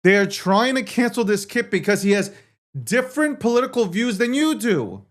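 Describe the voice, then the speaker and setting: Brief: young male host, fast profane rants, somewhat high voice, big swings in energy. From United States. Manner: loud, animated ranting with frequent cursing.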